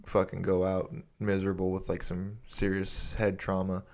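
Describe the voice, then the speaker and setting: A man's voice: sits low, monotone, normal speed. A young man co-hosting a podcast in casual chat, rambling with lots of restarts and swearing freely. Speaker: podcast co-host.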